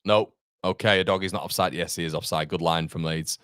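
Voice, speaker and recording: A man's voice: low-pitched, steady tone, a little fast, fairly bright tone, smooth, no echo, clean studio sound. A man hosting a fan watchalong, calling the match live play by play and answering viewer chat, with partisan exasperation. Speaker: fan channel host.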